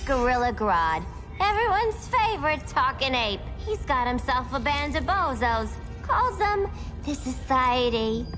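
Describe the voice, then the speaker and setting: A zany ex-villain a high, bouncy voice that swoops all over the place. She drawls slowly and playfully over loud music. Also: sing-song, full character voice. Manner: playful, jokey, slangy. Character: zany, wisecracking female ex-villain scientist.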